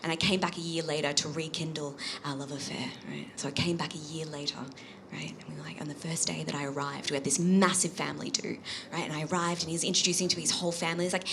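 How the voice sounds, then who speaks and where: An Australian woman in her thirties performs a chatty stand-up set on a live comedy stage. Her voice sits fairly low, and she keeps tagging her lines with "right?" A faint hiss runs under the recording. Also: steady tone, fast, vocal fry, a bit bright. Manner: chatty, frequent "right?" tag questions.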